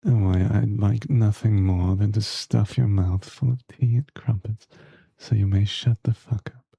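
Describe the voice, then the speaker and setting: A man putting on an exaggerated British accent to voice a prim, mock-polite gentleman with a genteel delivery. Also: lowish voice, fairly even intonation, measured pace, gravelly, slightly rough, no room sound, heavily acted. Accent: put-on British.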